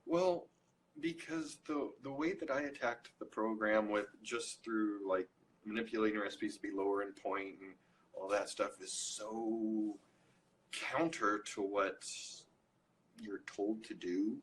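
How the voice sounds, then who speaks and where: A man chatting as a guest on a live video interview, telling funny stories in an animated way. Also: on the low side, measured pace, slight background noise, poor audio. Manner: animated storyteller, self-deprecating jokes. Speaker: interview guest, recipe creator. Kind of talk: casual chat on a live stream. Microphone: phone or computer mic on a video call.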